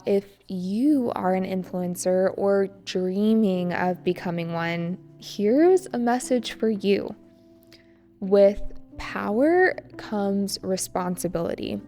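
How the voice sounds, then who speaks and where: Slow, clear woman teaching English. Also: medium pitch. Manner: slow, clear, explains words and stress. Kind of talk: scripted English lesson narration. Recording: soft music underneath.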